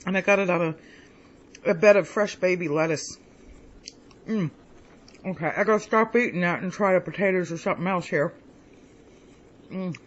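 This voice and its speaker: A woman's voice: on the low side, normal speed, pauses often. Chatty woman home cook, dull recording. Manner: chatty, rambling, tastes food on camera with lots of mm's. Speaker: home cooking vlogger. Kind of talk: casual cooking vlog chat. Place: home kitchen.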